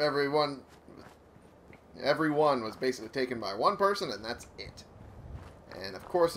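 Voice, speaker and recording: Brief: male gameplay commentator, lively pitch, self-deprecating and swearing, steady noise behind.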